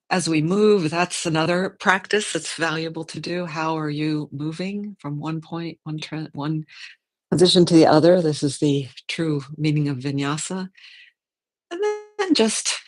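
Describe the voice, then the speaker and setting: Gentle yoga teacher thinking aloud. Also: mid-range voice. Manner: gentle, unhurried, thinks aloud and corrects themself. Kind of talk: guided yoga and meditation class.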